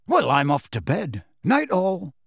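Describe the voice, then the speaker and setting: A man's voice: sits high, wildly swooping pitch, unhurried, vocal fry, breathy edge, no room sound, studio quality, pitched above the performer's own voice, heavily acted. A man voicing a pompous, self-important teenage schoolboy with a sage-sounding manner.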